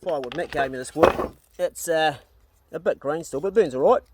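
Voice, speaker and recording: Outdoors with a handheld phone or camera, a middle-aged New Zealander with a local accent narrates his farm chores for a rural vlog, laid-back, chatty, and bluntly joking. He speaks briskly in a higher-pitched voice over background noise.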